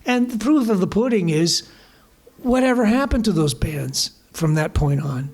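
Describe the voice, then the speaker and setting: A man's voice: sits high, normal speed, breathy edge. A Canadian man, a guest musician, telling anecdotes in conversation, acting out the voices of the people in his stories. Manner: animated anecdotes, acting out quoted voices, laughing. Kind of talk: storytelling conversation. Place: small live music venue.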